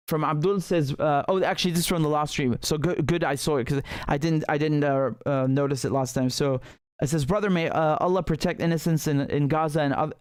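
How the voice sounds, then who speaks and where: A man's voice: on the high side, darkish tone, clean tone, no room sound, clean studio sound. A male host giving heated, emphatic political commentary on a livestream, often restarting his sentences.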